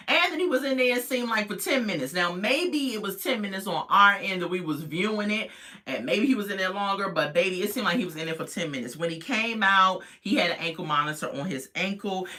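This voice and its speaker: A woman's voice: on the low side, pushed and bright. A woman casually recapping a reality TV episode, chatty and sassy with lots of asides.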